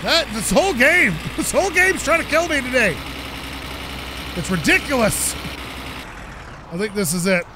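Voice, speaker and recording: High-voiced excitable gamer man. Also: moderate pace, long pauses. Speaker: let's play host. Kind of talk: casual gameplay commentary. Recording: game engine noise under voice.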